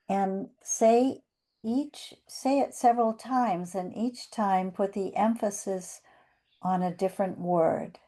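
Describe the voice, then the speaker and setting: A woman with a mellow, warm voice who speaks slowly and patiently. She gives soft-spoken advice to a classmate in an online group session. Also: medium pitch. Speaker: class participant. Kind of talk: giving gentle advice.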